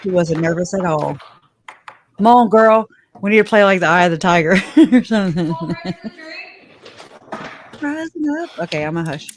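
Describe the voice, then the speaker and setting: A woman hosting a casual livestream, chatty and giggly, whose voice leaps up high when she gets excited. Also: a little fast, a little hiss or hum. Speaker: livestream host.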